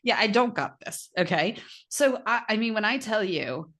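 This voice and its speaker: A middle-aged woman co-hosting a podcast, telling stories in a casual, animated chat, often quoting herself and laughing. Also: medium pitch, moderate pace. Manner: animated storytelling with laughs and quoted asides. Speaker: podcast co-host.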